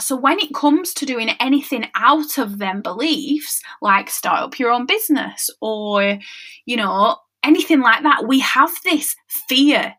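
Woman, podcast host, chatty, often checks in with listeners, fairly high voice, bright tone. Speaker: mindset coach and podcast host. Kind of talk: casual solo podcast talk.

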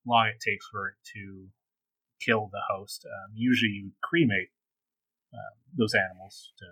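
A man's voice: on the low side, pushed and bright, dry recording, low-quality recording. A man co-hosting a podcast in casual chat, hesitant and full of ums and trailing asides. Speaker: podcast co-host.

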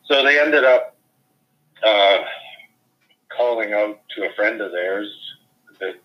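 A man's voice: fairly low pitch, animated, slow pace. A middle-aged father telling a personal account in a subdued, plain, matter-of-fact way. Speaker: bereaved father. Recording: dull lo-fi recording.

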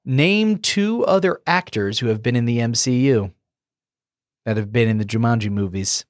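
A man's voice: mid-range voice, moderate pace, no echo. A man co-hosting a casual podcast, quizzing his friend and teasing him with dry jokes. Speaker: podcast co-host running the quiz.

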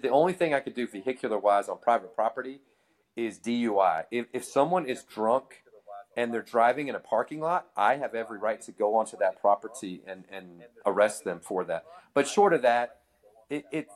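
A man casually telling a long story, laughing often and acting out both sides of a conversation. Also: mid-range voice. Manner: animated, laughs often, acts out quotes.

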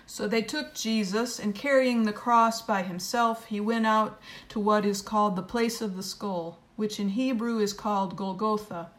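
A woman reads scripture in a measured, solemn liturgical style. Her pitch sits in the middle of the range for a woman, and her delivery stays steady and unhurried. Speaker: scripture reader. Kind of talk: liturgical reading.

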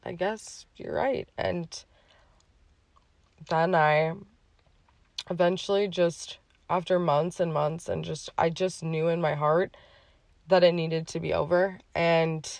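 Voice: mid-range voice, flat delivery, takes it slowly, gravelly, pauses often, no echo. A podcast host speaking in a heartfelt, emotional personal monologue, with many fillers along the way.

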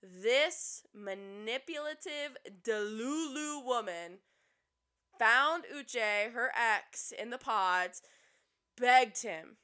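A young woman co-hosting a podcast, recapping reality TV in a gossipy, animated way and swearing freely. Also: on the high side, drawn-out words, clean tone. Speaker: podcast co-host. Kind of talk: casual reality-TV recap chat.

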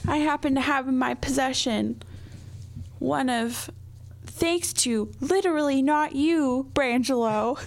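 High-voiced woman mocking in-character. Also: takes it slowly. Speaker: player. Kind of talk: in-character tabletop role-play.

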